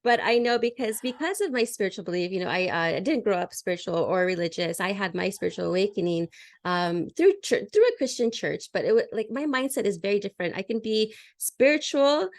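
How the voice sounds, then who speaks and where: A woman's voice: mid-range voice, a little fast, no room sound, clean studio sound. A middle-aged woman hosting a podcast, chatting casually about spiritual topics and laughing often mid-sentence. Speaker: podcast host.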